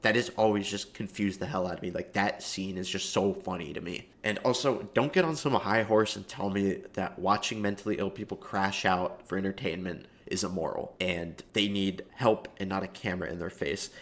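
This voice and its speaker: A man with a fairly low voice talks through a loose, comedic monologue. He swears freely and leans on casual fillers, wandering from point to point in an offhand way. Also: normal speed, few pauses, fairly bright tone. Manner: rambling and profane, heavy fillers. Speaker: video commentator.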